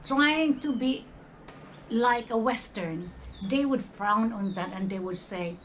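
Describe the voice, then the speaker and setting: An older woman with a Filipino accent and a slightly high voice talks straight to the listener. She is emphatic and keeps asking "okay?" as she goes. A faint hiss sits under the recording. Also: animated, takes it slowly, rough recording. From Philippines. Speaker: retired nurse vlogger. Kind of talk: casual monologue.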